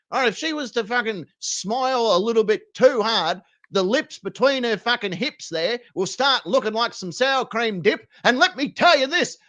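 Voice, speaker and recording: Rowdy Australian man, lively crude rant. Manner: profane, rowdy, swings between loud rants and low mumbles. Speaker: streamer reacting to videos.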